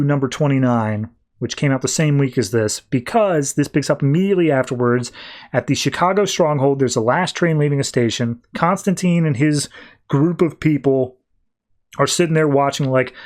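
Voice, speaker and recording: A man's voice: medium pitch, a little mellow. A man casually recapping a comic book issue on a podcast, paraphrasing the characters' lines with lots of "like". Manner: retells dialogue in quick casual paraphrase with many "like"s. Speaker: podcast host.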